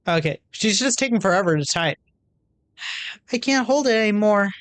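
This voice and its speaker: A woman's voice: mid-range voice, animated, normal speed, no echo. A woman streamer giving casual, playful and self-mocking gameplay commentary.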